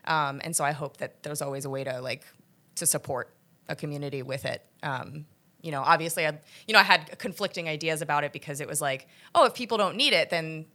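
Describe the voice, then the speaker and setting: A woman guest chatting casually in an interview, animated, laughing often and full of fillers. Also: sits low, a little fast. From United States. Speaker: podcast guest.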